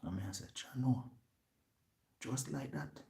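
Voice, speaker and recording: A man with a Jamaican accent telling a story to his viewers in lively patois, acting out what other people said. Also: medium pitch, measured pace, vocal fry, a little hiss or hum. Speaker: vlogger.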